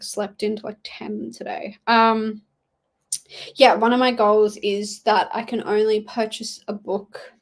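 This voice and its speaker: A young woman talks loosely and warmly to her viewers during a reading livestream. She rambles with lots of "um" and "like", her pitch sitting at a plain middle level for a woman. It sounds like a relaxed home stream from a small study. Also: poor audio. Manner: chatty, rambling, with frequent fillers. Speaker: livestreaming booktuber. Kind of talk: casual livestream chat reading comments.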